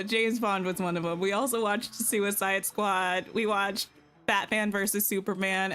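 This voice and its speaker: A woman's voice: mid-range voice, a bit bright. A woman streamer chatting casually while gaming, rambling and giggling at herself. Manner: rambling, giggly, self-deprecating.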